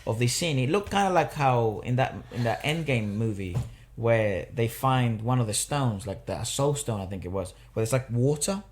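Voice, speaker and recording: A man's voice: mid-range voice, expressive, normal speed, slight background noise. A man co-hosting a casual podcast, reading lyrics aloud and making sarcastic, sweary asides. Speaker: podcast co-host. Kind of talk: casual reaction podcast chat.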